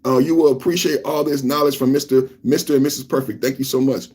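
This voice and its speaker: A man hosts a live reaction podcast and rants loudly, circling back over the same points again and again. His voice is husky with a slightly rough edge, pitched in an ordinary middle range, and he speaks directly to the viewers in his chat. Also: steady tone, fast talker. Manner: loud, repetitive, talks straight to chat. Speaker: podcast host.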